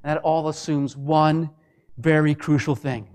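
A man preaching a sermon as pastor, impassioned and building to fervent passages, with quick asides mimicking others. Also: on the high side, fairly even intonation, a little mellow. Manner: impassioned, rising to a fervent climax.

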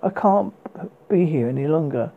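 A grieving woman who speaks tenderly and in hushed tones, read by a man with a gravelly voice. The sound is narrow and tinny, like it comes over a phone. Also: fairly high pitch, animated, normal speed. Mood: tender, tearful.

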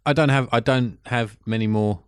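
A man's voice: mid-range voice, steady tone, moderate pace, smooth, no echo. A man in casual film discussion, dry and sardonic, reading out his notes. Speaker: film podcast co-host.

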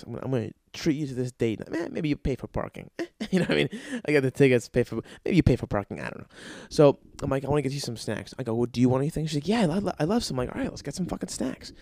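A man's voice: medium pitch, darkish tone. A male stand-up comedian spinning a story with heavy profanity. He breaks into worked-up, exasperated rants. The sound is dry and close, with no room echo. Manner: profane, ranting, exasperated outbursts.

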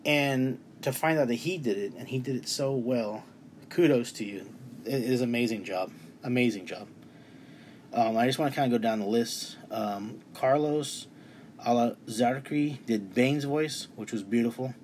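A man's voice: medium pitch, normal speed, a little mellow, slight background noise. A man in his thirties talking casually in his bedroom about a film he loved, enthusiastic and emotional, rambling with restarts. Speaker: movie reviewer. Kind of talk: casual movie review.

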